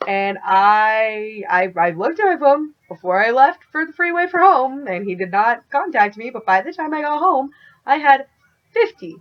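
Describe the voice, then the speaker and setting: A woman's voice: on the high side, normal speed, highs cut off. A woman in her twenties telling a story in a casual, chatty vlog, peppering her speech with "like". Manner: chatty, animated, heavy use of "like". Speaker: vlogger.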